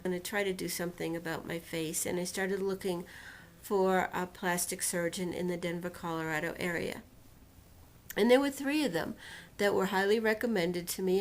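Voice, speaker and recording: A woman recounting a painful personal experience in a storytelling manner, slowly and deliberately, acting out what was said to her. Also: on the low side. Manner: emotional retelling, quotes others and herself dramatically. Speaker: personal testimonial speaker.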